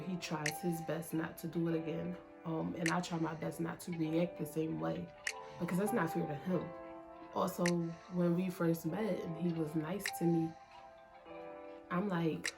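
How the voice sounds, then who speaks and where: A woman's voice: lowish voice, gravelly. A young woman, vlogging candidly about her own life in a conversational way, with many "like"s and "um"s. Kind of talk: candid personal vlog talk. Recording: faint music underneath.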